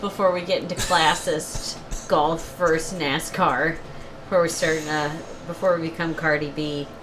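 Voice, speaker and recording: A woman's voice: sits low, fairly even intonation, music in the background, low-quality recording. Wry woman co-hosting a podcast. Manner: wry, quick to tease. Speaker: podcast co-host. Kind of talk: casual chat.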